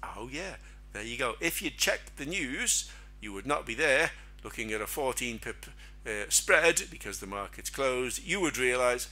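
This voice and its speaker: Bright-voiced man teaching trading. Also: medium pitch, expressive, a little slow. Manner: chatty, asks rhetorical questions, acts out silly quoted voices. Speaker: trading webinar host. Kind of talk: casual teaching chat.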